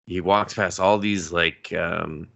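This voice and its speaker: Brief: low male co-host, forceful tone, profane scene-by-scene recaps. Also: fairly even intonation, takes it slowly, gravelly. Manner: profane, retells scenes with quoted voices. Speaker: podcast co-host. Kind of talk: casual movie review chat.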